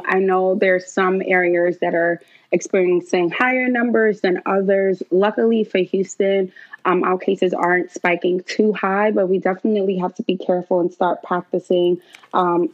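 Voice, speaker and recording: A woman's voice: lowish voice, steady tone, moderate pace, dry recording, highs cut off. A woman with a New York accent, a group travel curator, chatting as a guest on a podcast in a friendly, upbeat way. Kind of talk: casual podcast interview.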